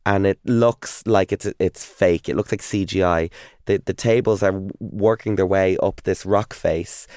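An Irish man in his thirties tells travel stories in a relaxed, chatty way, full of fillers and restarts. His voice sits fairly low and sounds smooth and resonant, recorded close and dry. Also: measured pace, no room sound. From Ireland. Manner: chatty, enthusiastic storyteller with many fillers and restarts. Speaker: guest. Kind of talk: casual interview chat.

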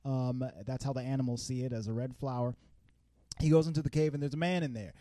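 A man's voice: mid-range voice, fast talker, dry recording, studio quality. Man recapping a movie with playful asides. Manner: animated, retells scenes with playful voices. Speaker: podcast co-host. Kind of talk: casual chat.

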